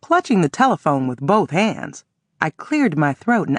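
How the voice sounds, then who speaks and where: A man narrating an audiobook in first person, telling the story in a measured, even way. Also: fairly high pitch, dry recording.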